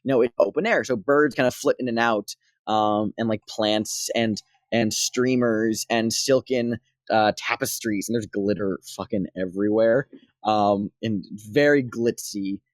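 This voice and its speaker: A woman's voice: rumbling low, unhurried, dry recording, studio quality. A woman narrating a tabletop game as dungeon master, rambling with many fillers.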